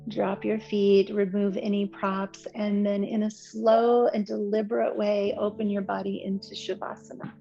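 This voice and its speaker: A woman yoga teacher giving slow, soothing, gentle cues through relaxation and breathing. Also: mid-range voice, level tone, creaky. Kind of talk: guided yoga and relaxation instruction. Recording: slightly muffled recording with soft instrumental music.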